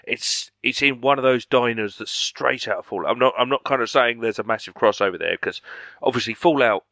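A man's voice: medium pitch, brisk, bright, forceful tone, no room sound. A man co-hosting a podcast, chatting enthusiastically about video games and swearing freely. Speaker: podcast co-host. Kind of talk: casual chat.

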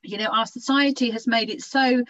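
A woman's voice: a little high, fairly even intonation, normal speed, fairly bright tone. A woman hosting a casual chat, supportive and casually swearing. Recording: dull lo-fi sound.

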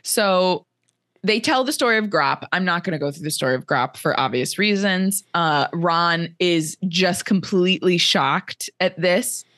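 Woman podcast co-host, lower voice, casual retelling that slips into characters' lines, dry close sound. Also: measured pace, a bit bright, no echo. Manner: chatty, laughs often, heavy use of "like". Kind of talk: casual chat recapping a book chapter.

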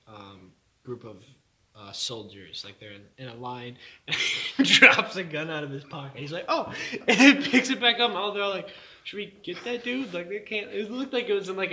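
Young man, casual chat, rambling with fillers, bright tone. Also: a little high. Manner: rambling, lots of "like" and laughter.

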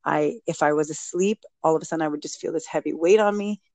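A woman guest and mother telling a personal story in a casual interview, animated and acting out what people said. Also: low voice, quick pace, no echo. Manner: animated, acts out quoted speech.

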